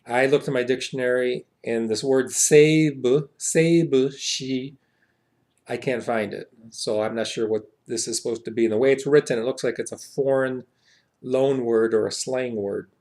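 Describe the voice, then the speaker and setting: A young man reads a short story aloud and translates it on the fly, rambling and hesitant. He drifts into asides as he thinks aloud, and the quoted lines come out louder and higher. His voice sits at an average pitch. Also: steady tone, normal speed.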